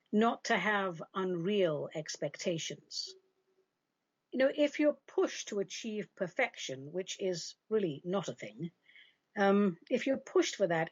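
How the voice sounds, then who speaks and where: A woman's voice: mid-range voice, husky, dry recording, muffled recording. A woman hosting a radio advice show, answering listener questions in a chatty, emphatic and opinionated way.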